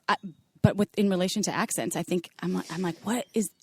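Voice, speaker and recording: A woman co-hosting a podcast, chatting casually and telling animated stories. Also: lowish voice, fast talker, slightly rough. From Wisconsin. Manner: chatty, animated storyteller who jokes about doing accents. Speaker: podcast co-host. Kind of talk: casual chat.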